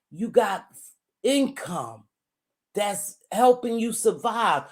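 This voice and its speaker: A woman vlogger giving casual, blunt commentary, animated and repeating points for emphasis. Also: mid-range voice, a little slow. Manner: blunt, informal.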